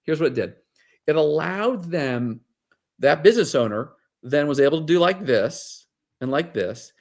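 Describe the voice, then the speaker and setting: A man's voice: fairly high pitch, lively intonation, moderate pace, a little mellow. A man, a financial advisor, talking casually as an interview guest and telling stories with many fillers and restarts.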